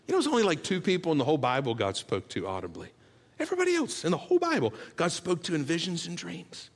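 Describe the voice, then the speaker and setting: A man delivers a sermon in a slightly high voice, spinning family anecdotes. He jumps into loud, animated retellings, then sinks into quiet, earnest appeals. His words ring out with the long reverb of a big hall. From Bahamas. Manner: storytelling, swings from loud animated bursts to hushed earnest tones. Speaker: preacher.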